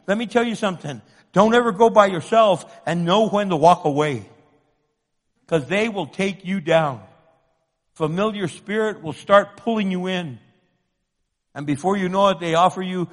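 A man preaching a sermon with passion, moving between loud pleading and hushed tones, in an echoing church hall. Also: sits high, normal speed. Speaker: pastor.

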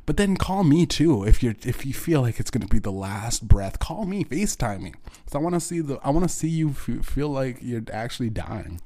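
Podcast host, man, mid pitch: a bitter, foul-mouthed rant that rambles and restarts, then breaks into shouting. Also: sing-song, moderate pace. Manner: bursts into shouting. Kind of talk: angry solo rant.

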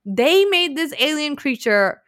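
A woman co-hosting a casual chat, animated, teasing her co-host and ranting with emphasis. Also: high voice, unhurried.

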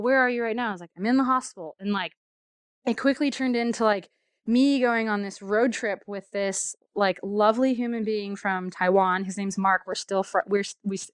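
A woman's voice: medium pitch, clean tone, dry recording. A woman telling a travel story in a casual, chatty way, full of fillers and laughter.

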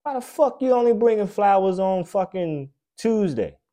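A man hosting a podcast, delivering a blunt, profane, preachy comedic rant that swings between loud outbursts and low mutters. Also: expressive, normal speed. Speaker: podcast host.

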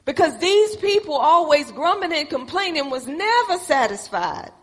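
A woman's voice: high voice, very animated, normal speed, a bit bright. A woman preaching a sermon, folksy and calling on the congregation for responses. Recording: echoey hall with long reverb.

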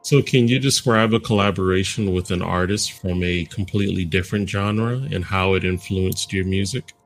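A man hosting a podcast interview, asking measured questions and reading out questions from listeners. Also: deep voice, fairly even intonation. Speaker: podcast host.

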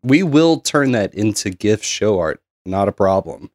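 A man co-hosting a podcast in relaxed, casual chat, laughing easily. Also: fairly low pitch, a little slow, no echo, clean studio sound. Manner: laid-back, laughs often. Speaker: podcast co-host.

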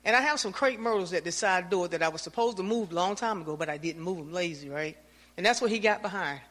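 A woman tells an anecdotal church testimony with lively storytelling, acting out her own lines and those of others. Her voice carries the long reverb of the sanctuary. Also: lowish voice, fast. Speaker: church member giving testimony.

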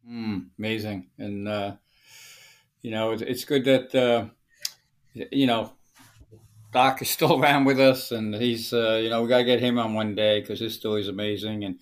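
A man hosting an interview podcast, talking in a low-key, reflective way. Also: steady tone, moderate pace. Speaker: podcast host. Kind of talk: casual interview chat.

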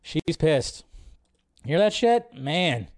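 A male host reacts aloud while he watches, excitable and loose, swearing as he goes. His voice sits a little higher than most men's. It is relaxed, casual live-stream chat. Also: drawn-out words, very noisy. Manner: excitable, swears freely, chatty asides.

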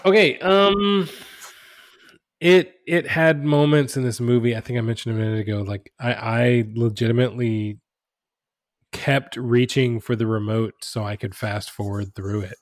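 A man's voice: medium pitch, fairly even intonation, no echo. Hesitant man, dry close sound. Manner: hesitant, measured, with fillers. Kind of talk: casual chat.

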